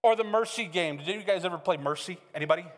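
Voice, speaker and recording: High-voiced man preaching, middle-aged pastor, playful storyteller, long church reverb. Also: fast. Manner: animated, joking storyteller who acts out quotes. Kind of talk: sermon. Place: church sanctuary. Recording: hall reverb.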